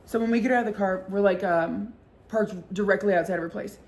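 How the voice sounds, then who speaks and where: A woman tells a story in casual podcast chat, packing her talk with fillers and swearing freely. Her voice sits in an ordinary middle pitch. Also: darkish tone. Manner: fast-talking, full of fillers and swearing. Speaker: podcast host.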